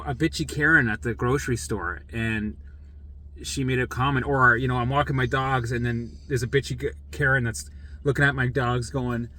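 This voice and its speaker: A man's voice: on the high side, sharp tone. A middle-aged man in a casual vlog monologue, talking bluntly with plenty of swearing and acting out old arguments. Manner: blunt and profane, acts out past arguments. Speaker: vlogger.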